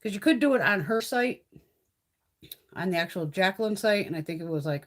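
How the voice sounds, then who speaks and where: A woman talks casually on a live beauty stream while she does her makeup. She is blunt and swears constantly, and her pitch jumps up and down as she chats. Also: lively intonation, fairly quick. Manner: profane, chatty and blunt. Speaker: beauty vlogger.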